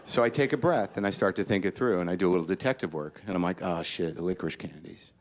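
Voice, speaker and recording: Middle-aged male stand-up comic, low-pitched, neurotic and profane, spikes into panicky quotes. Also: expressive, rapid-fire. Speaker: stand-up comedian. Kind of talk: stand-up storytelling.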